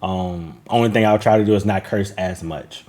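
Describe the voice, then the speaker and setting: A man's voice: low-pitched, normal speed, darkish tone. An American man in casual chat as a streamer and co-host, talking bluntly with a lot of cursing. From United States. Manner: blunt, profane, laid-back, laughing.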